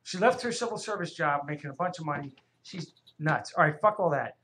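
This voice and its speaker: Fast, profane radio co-host telling stories. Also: male voice, fairly high pitch, slight background noise. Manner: profane, rambling, animated storyteller. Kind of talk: casual chat, crude storytelling.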